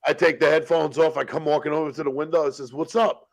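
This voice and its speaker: A man's voice: a little high, level tone, quick pace, creaky, no room sound, poor audio. A man in casual chat, telling stories with lots of swearing and acting out what others said. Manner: profane, storytelling, acts out quotes. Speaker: guest telling prison stories.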